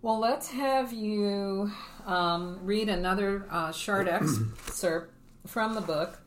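A woman hosting an interview, prompting her guest in a brisk way. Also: mid-range voice, slight background noise. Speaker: host.

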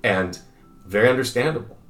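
An older man, a grandfather, telling stories in conversation, halting and repeating words, acting out the people in them. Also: medium pitch, animated, fairly bright tone, echoey room, faint music behind. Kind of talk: conversational storytelling.

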